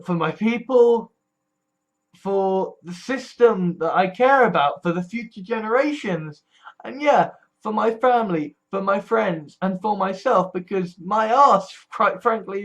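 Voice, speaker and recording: Scared, swearing British-sounding vlogger. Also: medium pitch. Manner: anxious, swearing, halting restarts. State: scared and distressed. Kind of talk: personal political vlog.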